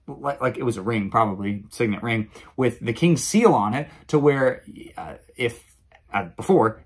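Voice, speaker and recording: A man's voice: mid-range voice, slightly rough. A man hosting a daily Bible reading video, retelling scripture in a chatty, casual way. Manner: chatty, with many fillers and restarts.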